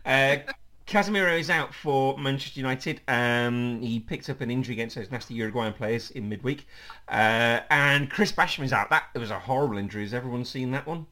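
Brisk and sharp-toned, a medium-pitched male host talks football on a laid-back podcast. He's chatty, laughs frequently, and fills pauses with "um."

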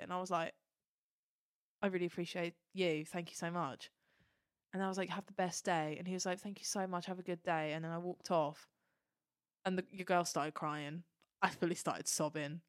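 A woman's voice: mid-range voice, moderate pace, dry recording, clean studio sound. A young woman co-hosting a podcast, telling stories in a gushing, emotional casual chat. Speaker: podcast co-host.

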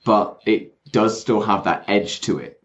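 A man's voice: fairly low pitch, a little slow, dull audio. A man co-hosting a podcast in casual, jokey chat. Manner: easygoing, jokey, chatty. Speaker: podcast co-host.

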